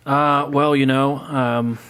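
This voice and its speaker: A man guesting on a podcast, telling jokey stories with deadpan bits. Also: mid-range voice, slow pace, clear, resonant tone. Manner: joking storyteller, deadpan bits. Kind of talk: casual podcast banter.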